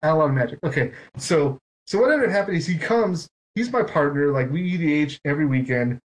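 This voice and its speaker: A man's voice: fairly high pitch, lively intonation, fast. A man hosting a podcast, telling long, rambling, self-mocking stories in casual chat. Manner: rambling, self-mocking storytelling with lots of quoted back-and-forth. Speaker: podcast host.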